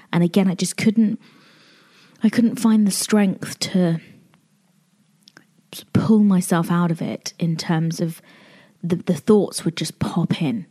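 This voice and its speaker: A woman's voice: sits low, mellow. A woman with a British accent hosting her own podcast, speaking openly and emotionally in a confessional way. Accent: British English. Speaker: podcast host. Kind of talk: candid solo podcast talk.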